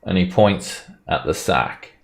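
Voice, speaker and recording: A man narrating as game master of a tabletop game, in a relaxed, casual way. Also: low-pitched, takes it slowly, creaky.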